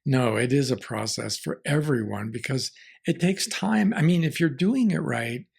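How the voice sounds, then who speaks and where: A man speaking as a marriage and family therapist in an interview, measured and reflective, sometimes restarting his sentences. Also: medium pitch, creaky, husky. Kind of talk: conversational interview answers.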